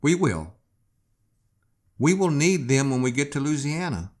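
A man voicing a calm pioneer husband who gently reassures his wife. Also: mid-range voice, unhurried. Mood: reassuring.

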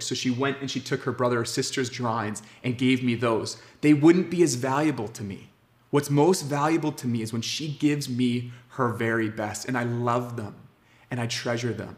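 A man in his thirties preaching a sermon as pastor, earnest and warm, slowing down with emphatic pauses on key words. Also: medium pitch, steady tone. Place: church sanctuary. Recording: echoey room.

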